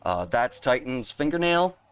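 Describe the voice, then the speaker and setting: Very animated, with a clear, resonant medium-pitched voice, a young gamer chats casually with his stream audience at a slightly slow pace. He rambles, laughs frequently and speaks to chat members by name.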